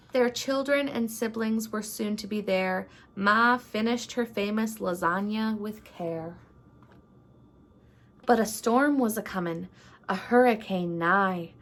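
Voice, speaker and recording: A woman vlogger reading a rhyming picture book aloud at home at night, in an unhurried storytelling way, then chatting casually. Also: mid-range voice. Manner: unhurried storytelling, laughs between lines.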